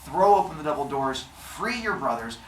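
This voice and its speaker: A man's voice: on the high side, big pitch swings, normal speed, a little hiss or hum. A male teacher voicing a scheming Mother Earth goddess who patiently coaxes, recorded from a distance in a roomy classroom. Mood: coaxing. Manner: patient, explaining a plan.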